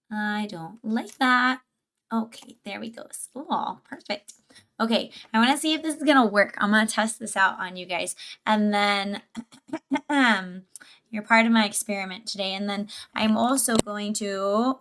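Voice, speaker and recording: A woman's voice: medium pitch, sharp tone. A woman hosting a livestream, chatty and giggly, reacting to a video and reading chat aloud from a home setup. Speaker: livestream host. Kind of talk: casual livestream commentary.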